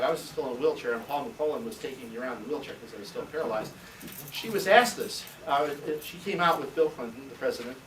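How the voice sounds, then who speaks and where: Older man telling stories in a roomy classroom. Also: medium pitch. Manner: rambling anecdotal storyteller, acts out quoted voices. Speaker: retired history teacher. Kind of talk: storytelling on a school tour. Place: school classroom, indoors. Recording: roomy, distant, noisy camcorder sound.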